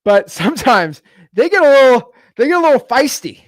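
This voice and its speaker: A man giving a casual coaching talk on cold calling, chatty, with quick asides and frequent laughs. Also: very high-pitched, sing-song, no echo.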